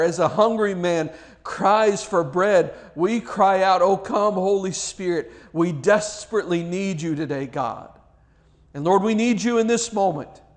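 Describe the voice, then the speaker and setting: Man, pastor, sermon and prayer, somewhat high voice, earnest, stumbles and repeats words. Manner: stumbles and repeats words when speaking freely. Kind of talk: sermon with scripture reading and prayer.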